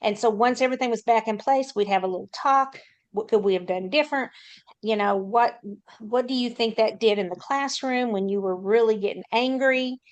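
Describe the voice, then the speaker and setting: A woman's voice: a little high, normal speed. A woman who works as a school counselor, telling a matter-of-fact anecdote in a panel talk.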